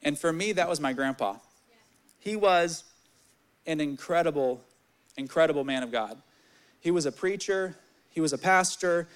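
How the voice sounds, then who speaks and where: A young male preacher with a fairly high voice, delivering a sermon in a candid, storytelling way. He gets louder and more animated as his stories build, then drops low and quiet when he reads scripture. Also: normal speed, long pauses, clear, resonant tone.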